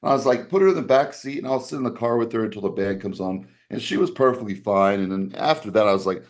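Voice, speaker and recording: A man casually telling a long story on a podcast, rambling with restarts and acting out other people's lines in a raised voice. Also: quick pace. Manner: animated, acts out quoted voices with raised pitch.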